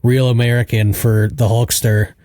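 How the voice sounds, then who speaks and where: A man's voice: medium pitch, little pitch movement, moderate pace, mellow, no room sound, studio quality. A man in his thirties, a podcast co-host, telling a rambling, casual story with lots of fillers.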